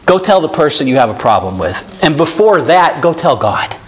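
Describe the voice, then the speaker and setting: A man's voice: on the high side, normal speed, slightly rough. Man preaching an earnest sermon. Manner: earnest preaching, animated, reads scripture aloud. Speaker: pastor. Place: church sanctuary.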